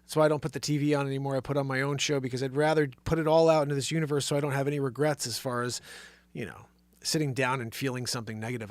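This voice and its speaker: A man hosts a casual chat and gives encouraging, motivational advice. His voice sits at a middle pitch, and the sound is dry and close. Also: flat delivery, rapid-fire, no room sound. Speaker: host.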